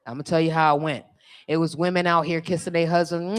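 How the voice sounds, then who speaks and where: A woman's voice: sits low, flat delivery, fast. A middle-aged woman from California doing a brash, bawdy live stand-up routine on a stage mic and teasing the crowd. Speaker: stand-up comedian.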